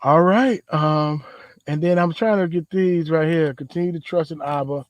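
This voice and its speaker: A man hosts a podcast from a backyard outdoors, giving a loose, conversational faith talk full of slang and repeated phrases. His voice is on the high side at a moderate pace, with no echo.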